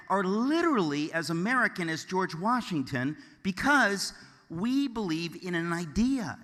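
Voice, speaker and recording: A man giving a speech to a live audience, mixing deadpan mock-offensive jokes with earnest, rambling remarks. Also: on the high side. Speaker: keynote speaker. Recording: long hall reverb.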